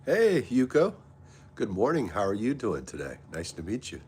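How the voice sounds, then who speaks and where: A man's voice: deep voice, big pitch swings, fairly quick, husky. A man hosting a casual livestream, greeting viewers by name and chatting with them in a friendly way. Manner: friendly, reads chat aloud and greets viewers. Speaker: livestream host. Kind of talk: casual live chat with viewers.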